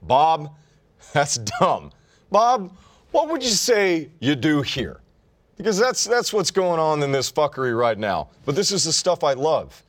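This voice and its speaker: A man's voice: a little high, sing-song, unhurried. A young adult man co-hosting a sports talk show, brash and profane, ribbing his co-host in casual banter. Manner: brash, profane, mock-insulting.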